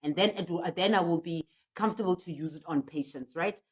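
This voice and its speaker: A middle-aged woman with a South African accent, a traditional healer hosting a livestreamed prayer session, telling stories in an animated way and reading out viewer comments. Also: lowish voice, fairly quick. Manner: frequent laughter and restarts. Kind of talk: livestream talk. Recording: muffled lo-fi audio.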